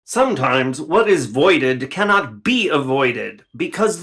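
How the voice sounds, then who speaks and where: A man in his forties delivering a rambling, deadpan absurdist comedy monologue. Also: a little high, slow pace, hardly any pauses, husky. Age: 40s.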